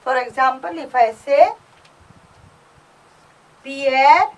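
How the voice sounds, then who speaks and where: A Goan-accented woman teaching a classroom French lesson at an unhurried pace, her fairly high voice repeating each phrase so the students can follow. She sits a little back from the mic, so her voice sounds slightly distant. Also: lively intonation. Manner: slow, explaining step by step, repeating phrases.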